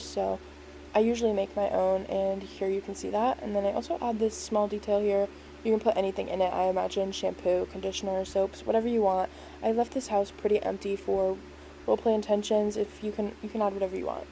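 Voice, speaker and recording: A woman with a mid-range, dark-toned voice narrates a voice-over walkthrough of a game build in a rambling, easygoing way. She leans on lots of "like" and "um" and is self-deprecating. The audio is poor, with slight background noise.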